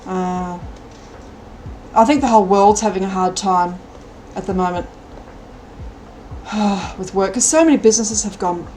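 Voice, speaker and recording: A middle-aged Australian woman chatting casually on a live stream, animated and thinking aloud. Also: mid-range voice, measured pace, long pauses, slight background noise, rough recording.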